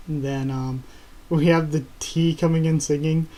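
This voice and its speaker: A man talks through a comic chapter in a casual live reaction, breaking into laughs and excited exclamations. His voice sits a bit high, with a mellow, soft tone. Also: normal speed. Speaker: YouTuber reacting to a manga chapter.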